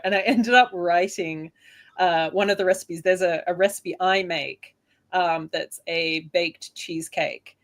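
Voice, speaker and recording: Guest author, woman, mild Adelaide Australian accent, lowish voice, chatty and self-deprecating. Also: a little slow. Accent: soft Australian (Adelaide). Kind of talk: casual interview chat.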